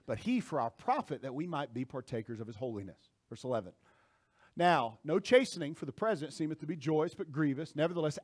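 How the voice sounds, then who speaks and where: A man preaching a sermon in a high, lively voice that climbs and drops all over. He moves from near-quiet asides to sudden shouted lines, speaking straight to the congregation. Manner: animated preaching, swings from soft asides to shouting. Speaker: pastor.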